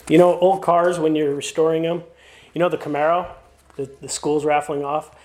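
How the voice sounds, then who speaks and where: High-voiced pastor giving a lively sermon. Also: male voice, normal speed. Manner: storytelling with playful asides; earnest, encouraging exhortation.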